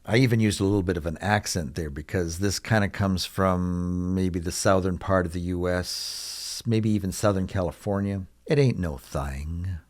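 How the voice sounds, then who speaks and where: A man teaching an English lesson, explaining deliberately and repeating example phrases for learners. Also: low-pitched, steady tone.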